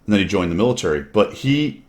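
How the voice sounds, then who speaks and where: A man's voice: on the low side, very animated, fast talker. A middle-aged man hosting a streamed chat, talking in a rambling, self-correcting way. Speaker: streamer host. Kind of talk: casual chat.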